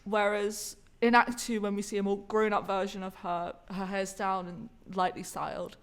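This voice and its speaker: A woman with a medium-pitched, clean voice speaks at a normal speed with little pitch movement. Co-hosting a podcast, she gives an earnest, analytical review of a musical in a casual chat.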